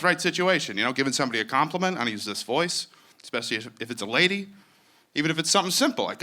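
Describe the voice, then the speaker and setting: A man's voice: medium pitch, animated, very fast, sharp tone. A man doing stand-up comedy in a wry, conversational way.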